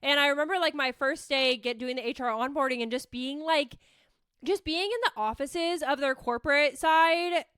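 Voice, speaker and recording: A woman's voice: sits high, normal speed, fairly bright tone, no echo, studio quality. Bubbly, sweary young woman podcaster. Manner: bubbly, chatty, swears freely, rambling restarts. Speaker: podcast host. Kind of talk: casual solo podcast chat. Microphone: close podcast mic.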